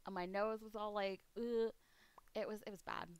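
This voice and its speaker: A woman streamer talks through her game in a loose, rambling way, laughing often and dropping casual swears. Her voice is smooth and clean, sitting at an ordinary middle pitch. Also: steady tone, normal speed. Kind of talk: casual chat while gaming.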